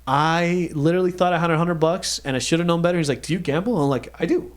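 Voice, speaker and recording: A podcast co-host with a voice on the high side tells a story at a quick pace on a casual show. He is animated, swears a lot, and acts out the quotes as he goes.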